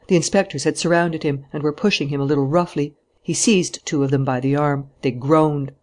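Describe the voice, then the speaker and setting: An audiobook narrator reads in a calm, steady storytelling manner. The voice sits at a middle pitch. The delivery stays even throughout. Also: fairly quick. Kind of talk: scripted narration.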